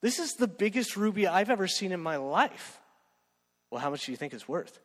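Preacher guy doing a jeweler in total disbelief, high voice, big hall echo. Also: sing-song, moderate pace, a bit bright, exaggerated voice. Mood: astonished. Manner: incredulous, emphatic. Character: astonished male jeweler.

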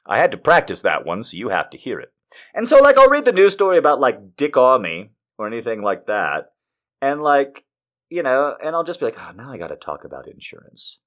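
A man hosting a podcast rants his way through a casual monologue. His voice swings widely in pitch, falling to low mutters and then jumping up into loud outbursts. He swears freely as he talks. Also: brisk. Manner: animated and ranting, swearing, swings between mumbling and shouting. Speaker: podcast host.

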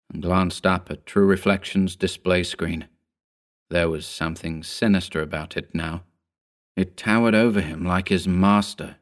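A man narrating his own written story in a measured, wry reading. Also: low voice. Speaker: narrator and author.

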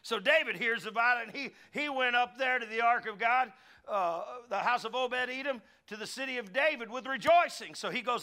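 A middle-aged male pastor delivering an animated sermon, his voice high and bright. He slips into character voices for the people in his stories and calls on the congregation to say lines back to him. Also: fairly quick. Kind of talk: lively sermon with acted-out quotes.

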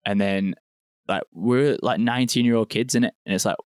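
A young man tells a story in quick, rambling podcast chat, full of "like" and swearing. His voice sits low and barely moves in pitch. The sound is dry and close. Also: fairly even intonation, smooth, no room sound. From England. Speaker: podcast guest, venue owner.

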